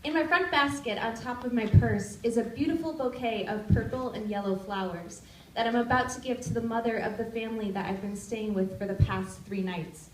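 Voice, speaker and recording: A young woman in her twenties telling a personal story at a live storytelling event, animated and now and then shouting out quoted lines. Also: a little high, a little fast, hardly any pauses, a little hiss or hum. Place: stage in a live venue. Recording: roomy live recording from far off.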